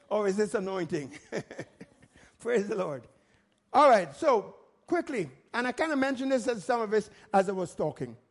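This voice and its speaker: Male pastor, unusually high-pitched, emphatic sermon delivery that climbs to shouts. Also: very animated, unhurried, long pauses. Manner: emphatic preaching with rhetorical questions, rising to shouts.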